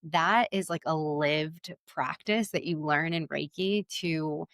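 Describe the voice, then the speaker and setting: A woman's voice: low-pitched, takes it slowly, fairly bright tone, no room sound. A woman guest on a podcast, a Reiki practitioner, telling stories in an earnest, heartfelt way. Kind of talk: casual conversation.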